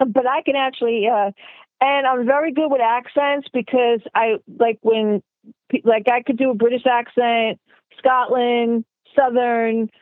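A woman's voice: on the high side, fairly even intonation, measured pace, no echo. A woman actress from New York, with a mild New York accent mixed with a Californian one, chatting casually in an interview with lots of fillers and restarts. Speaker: actress guest. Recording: tinny phone line.

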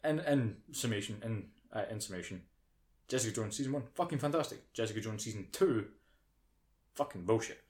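A British podcast co-host with a lowish, expressive, slightly mellow voice talks a little fast. In a casual chat, he rants with plenty of swearing and mocking impressions.

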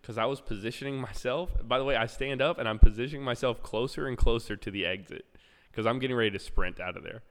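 Animated storyteller man in a reverberant hall. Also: mid-range voice, fast. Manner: animated storyteller, acts out quotes loudly. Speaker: podcast guest telling a story. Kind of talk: casual chat. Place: live show in a hall.

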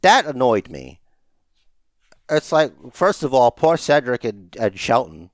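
A man's voice: medium pitch, sing-song, a little slow, dry recording, clean studio sound. A middle-aged man co-hosting a casual wrestling podcast, ranting emphatically and swearing as he argues. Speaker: podcast co-host.

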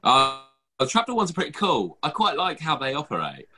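A man's voice: fairly high pitch, wildly swooping pitch, fairly quick, crowd noise. A man hosting a podcast, chatting casually and rambling with lots of fillers and restarts. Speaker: podcast host. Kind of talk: casual chat.

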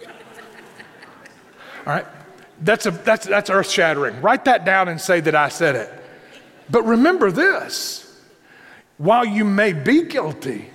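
Male pastor, conversational sermon, high gravelly voice, reverberant hall. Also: a bit bright. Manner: conversational preaching, repeats points, asks the congregation "right?".

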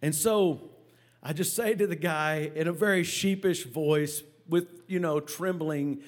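A male preacher delivering a sermon in a fairly high voice, spinning a personal story with lively energy. He stumbles and repeats words as he goes, then surges forward again. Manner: animated storytelling with halting repetitions. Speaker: pastor.

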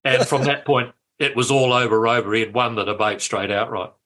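An older man, a former politician telling anecdotes in a lively way, with frequent restarts. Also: mid-range voice, a little fast. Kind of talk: anecdotal storytelling.

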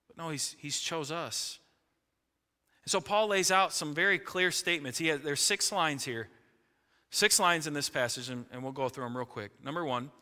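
Male pastor, sermon delivery, slightly high and very bright, emphatic swings in volume. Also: long reverb tail. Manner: emphatic preaching, rising to loud peaks then dropping low.

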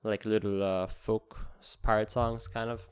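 Young dude rambling on a chill podcast, lots of restarts, clean smooth voice. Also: male voice, lowish voice, level tone. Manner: rambling, halting with many restarts and laughs. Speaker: podcast co-host. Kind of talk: casual podcast chat.

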